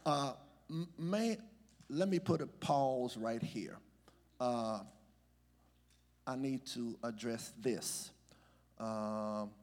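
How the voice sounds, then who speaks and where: A man's voice: medium pitch, a little mellow. A man, a senior pastor, preaching a sermon and reading scripture, having the congregation repeat words after him. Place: church sanctuary. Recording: reverberant church hall with music behind.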